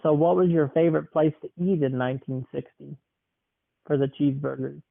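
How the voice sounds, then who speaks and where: A man's voice: on the high side, steady tone, vocal fry. Playful young man on a thin line. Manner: playful, asks quick questions. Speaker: podcast host interviewing his grandmother. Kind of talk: casual chat. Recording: tinny phone-like sound.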